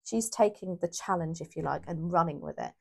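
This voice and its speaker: A woman's voice: fairly low pitch, fairly quick, gravelly, dark tone. A woman giving a casual, chatty tarot reading to her viewers, often correcting herself as she thinks aloud. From United Kingdom. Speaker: tarot reader.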